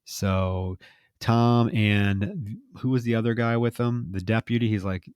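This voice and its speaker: A man's voice: lowish voice, moderate pace, no room sound, studio quality. A man co-hosting a podcast, casually retelling a movie scene by scene and acting out the characters' lines as he goes. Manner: animated retelling, quoting characters. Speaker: podcast co-host. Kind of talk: casual film recap chat.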